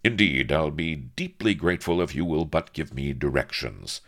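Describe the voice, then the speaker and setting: A man voicing a flustered, formal young gentleman captain who speaks in a guarded, stiffly polite way. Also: very deep voice, expressive, moderate pace, full character voice.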